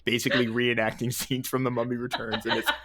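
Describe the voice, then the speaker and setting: A man's voice: mid-range voice, quick pace, noisy background. A man co-hosting a podcast, talking casually and wryly about a movie and laughing often. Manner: wry, animated, laughs often. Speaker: podcast co-host. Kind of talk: casual film discussion.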